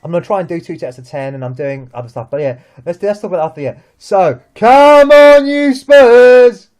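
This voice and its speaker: A young man with a London accent, chatting about football as host, lively and full of restarts and repeated words. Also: on the high side, rapid-fire. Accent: London English. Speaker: vlog host. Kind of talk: casual football chat.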